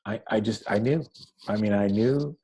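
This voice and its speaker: A man's voice: lowish voice, moderate pace, mellow, slight background noise, rough recording. A man being interviewed as an author, explaining his ideas earnestly and telling stories in a conversational way.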